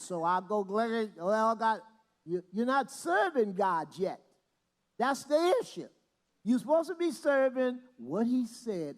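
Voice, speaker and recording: A man preaching a sermon, breaking into shouts and acting out prayers. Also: very high voice. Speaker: bishop preaching.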